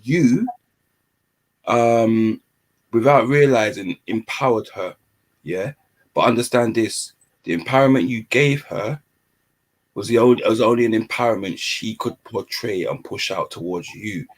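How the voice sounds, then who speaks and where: A man's voice: fairly low pitch, a little slow, breathy edge. A man in casual podcast chat, talking earnestly and emphatically, often repeating himself.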